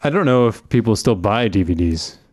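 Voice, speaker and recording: A man co-hosting a casual podcast, trading deadpan jokes and banter. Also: fairly low pitch, a little fast, no echo, clean studio sound. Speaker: podcast co-host. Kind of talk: casual swearing podcast chat.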